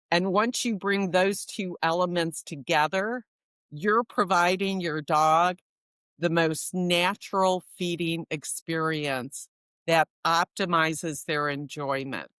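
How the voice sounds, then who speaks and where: Smooth low-voiced woman guest. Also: fairly bright tone, no echo, clean studio sound. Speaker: guest expert on dog feeding. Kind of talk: podcast interview answers.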